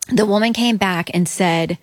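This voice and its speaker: A woman's voice: medium pitch, moderate pace, no echo. A middle-aged woman as an interview guest, telling an earnest personal faith story and acting out her own prayers.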